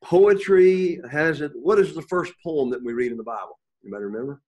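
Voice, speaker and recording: A man teaching a Bible class to students, pausing often, repeating words and checking in with "okay?". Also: on the high side, a little mellow, highs cut off. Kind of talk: classroom lecture with questions to students.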